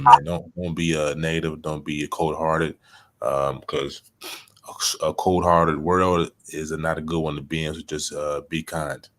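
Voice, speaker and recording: Deep-voiced male co-host, casual podcast chat, earnest and rambling. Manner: earnest, rambling advice with many fillers.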